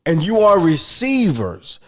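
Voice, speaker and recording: A man's voice: high-pitched, huge pitch swings, takes it slowly. A man co-hosting a podcast in casual chat, blunt, crude and argumentative. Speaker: podcast co-host.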